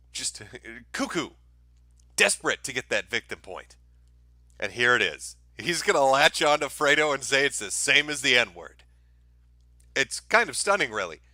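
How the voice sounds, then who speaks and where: A man's voice: mid-range voice, bright, forceful tone, no room sound. A man hosting a commentary show, mocking the video clips he plays with profane, sarcastic remarks. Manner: mocking, profane, mimics people in sneering voices.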